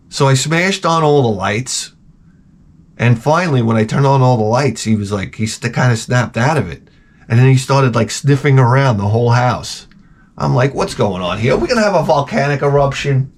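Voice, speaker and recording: A middle-aged man hosting a casual show, telling rambling, profane stories and jumping into loud, high-pitched exclamations when he quotes himself. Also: lively intonation, moderate pace, pauses often. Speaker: host. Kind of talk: casual storytelling rant.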